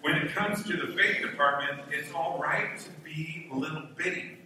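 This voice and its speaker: Bright-voiced male pastor in echoey hall. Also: on the high side, moderate pace, distant mic, slight background noise. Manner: conversational and humorous preaching. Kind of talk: sermon.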